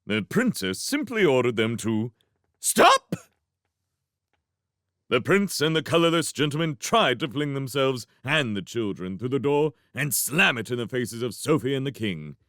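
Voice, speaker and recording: A man narrating a storybook chapter aloud, voicing every character himself. His pitch swings in a very lively way and his tone is bright. The sound is close and dry. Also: moderate pace, few pauses, dry recording. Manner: animated, voicing each character. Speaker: reader.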